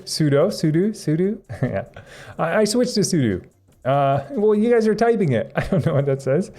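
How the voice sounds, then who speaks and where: Mellow-voiced man rambling on a live stream. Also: medium pitch. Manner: rambling, chuckling, reading chat aloud. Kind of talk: casual live-stream chat.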